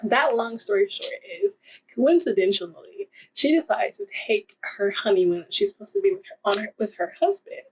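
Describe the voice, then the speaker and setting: A woman's voice: mid-range voice, husky, rough recording. A young woman casually reviewing romance books in a rambling, giggly way, with lots of fillers. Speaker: book vlogger. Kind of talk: casual book review vlog.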